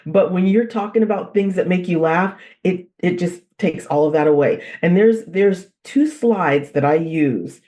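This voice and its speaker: A woman as the expert guest on a parenting interview, telling animated stories, repeating phrases for emphasis and laughing as she talks. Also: lowish voice, measured pace, few pauses. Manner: laughs while talking. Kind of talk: conversational interview.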